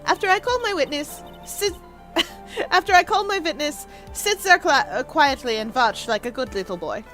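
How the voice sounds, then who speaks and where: A woman's voice: high voice, expressive, moderate pace, a bit bright, soft background music. A woman doing scornful German prosecutor. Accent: put-on German. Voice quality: clipped, scornful. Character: cold haughty young female prosecutor.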